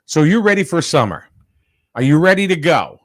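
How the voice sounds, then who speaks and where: A man casually chatting and telling a story with lively energy, acting out the people in it. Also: on the high side, normal speed, no room sound, clean studio sound. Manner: animated storyteller, acts out quoted people loudly.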